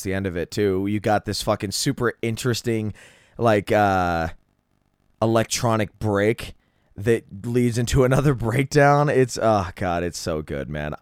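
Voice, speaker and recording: Deep-voiced man gushing about music. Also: no room sound, clean studio sound. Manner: enthusiastic, rambling, swears freely. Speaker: podcast host. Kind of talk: casual solo music review.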